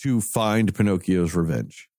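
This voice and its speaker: A man's voice: low voice, measured pace, no room sound, studio quality. A man ranting in a casual chat, cursing freely and swinging his voice around as he complains. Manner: animated ranting, heavy swearing.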